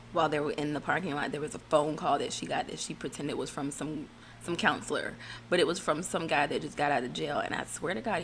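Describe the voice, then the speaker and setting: Woman, low voice, casual recap vlog, blunt, swears, rambling, faint background hiss. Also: creaky. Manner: blunt, profane, rambling with fillers. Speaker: reality TV recap vlogger. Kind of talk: casual commentary.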